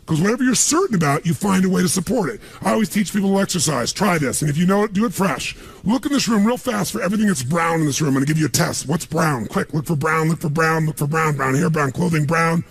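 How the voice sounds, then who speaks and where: A middle-aged man giving an energetic motivational seminar speech, punchy and questioning the crowd. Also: a little high. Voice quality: gravelly, husky. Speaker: motivational speaker. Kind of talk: live seminar speech to an audience.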